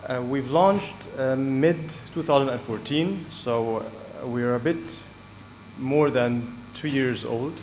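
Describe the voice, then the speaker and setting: A man from Egypt, a startup co-founder, giving a conference talk in a measured way with frequent "uh" fillers. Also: mid-range voice, a little mellow, slight background noise, low-quality recording. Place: conference hall.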